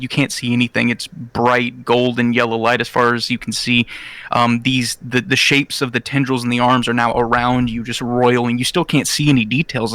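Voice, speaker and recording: A man narrating a tabletop game as game master, slowly painting scenes, with frequent "um"s. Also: medium pitch, pushed and bright. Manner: descriptive, slowing down for vivid scenery, with frequent "um"s.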